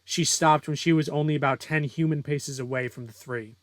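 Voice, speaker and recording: A man's voice: fairly high pitch, fairly even intonation, fairly quick, dry recording. A young man reading his own story aloud and breaking off for casual, self-deprecating author commentary.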